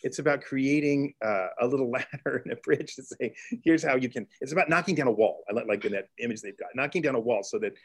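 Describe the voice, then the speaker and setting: A middle-aged man from Texas, a teacher telling a classroom story in an interview, earnest, with restarts and excited bursts. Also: mid-range voice, quick pace, hardly any pauses. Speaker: teacher and author guest. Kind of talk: storytelling in conversation.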